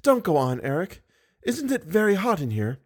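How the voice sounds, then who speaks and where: Guy doing scared young woman, soft pleading, audiobook. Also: sits high, big pitch swings, normal speed, dry recording, clean studio sound, pitched above the performer's own voice.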